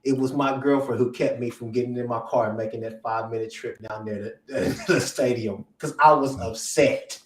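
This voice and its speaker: A man ranting as an upset sports fan co-host, swinging from hushed hurt to loud outbursts. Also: medium pitch, moderate pace, hardly any pauses, roomy sound, distant mic, a little hiss or hum, poor audio. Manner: animated venting, swings from hushed to yelling. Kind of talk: emotional sports fan rant.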